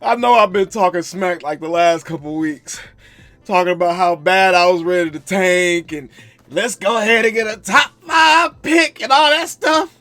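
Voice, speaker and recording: An adult sports fan with a daughter in second grade rants to camera about his team in a high-pitched, bright, forceful voice at a moderate pace. There's no room sound, and he laughs his way through exaggerated mock grief.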